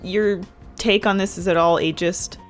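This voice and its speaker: A woman on a comedy panel reading viewer comments aloud, giggly and lively whenever something amuses her. Light music plays faintly behind her. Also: on the low side, moderate pace. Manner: giggly, animated when amused.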